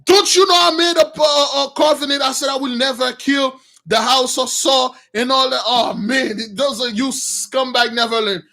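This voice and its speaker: A man voicing an angry ancient king who shouts and scolds, his voice higher than his usual talk. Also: steady tone, unhurried, few pauses, heavily acted. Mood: outraged.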